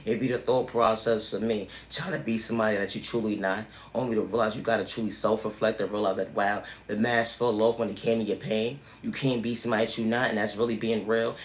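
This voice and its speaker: A man's voice: on the low side, steady tone, fast talker, few pauses, reverberant, a little hiss or hum. Preachy man with emphatic refrains. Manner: repetitive, emphatic, sermon-like refrains. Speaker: livestream host. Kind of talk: preachy motivational monologue.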